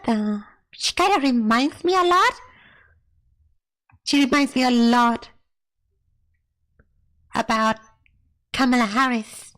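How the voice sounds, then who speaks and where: A woman's voice: fairly high pitch, fairly bright tone, low-quality recording. A woman streamer chatting casually while reacting to cartoon episodes, laughing and often saying not gonna lie. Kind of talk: casual live-stream chat.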